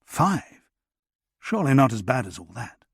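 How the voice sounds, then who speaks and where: A man reading the part of a tired, earnest doctor in period England, with a courteous, hesitant manner and a husky voice. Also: mid-range voice, sing-song, a little slow, no echo, studio quality, exaggerated voice.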